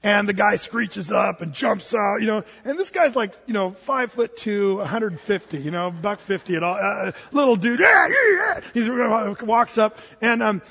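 A man preaching a sermon as pastor, telling stories in a lively way, with many restarts and fillers. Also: sits high, normal speed, creaky, hardly any pauses, slightly rough, in a large hall, lo-fi sound.

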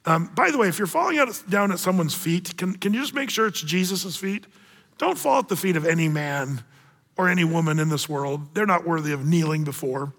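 Animated high-voiced pastor preaching in a hall. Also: male voice, fairly quick. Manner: animated, acts out voices of the people in the story. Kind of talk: sermon.

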